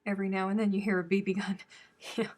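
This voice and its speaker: A woman from the South with a light Southern accent, chatting with viewers on a live stream. She tells stories in a chatty, animated way, and her voice sits in a middle pitch. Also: fast. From American South. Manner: chatty storytelling, animated when telling stories. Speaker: crochet live stream host. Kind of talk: casual live chat with viewers.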